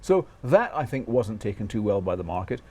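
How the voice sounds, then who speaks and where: A man appearing as a fund manager guest in a TV interview, answering quickly and hesitantly with many fillers. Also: lowish voice, big pitch swings, darkish tone.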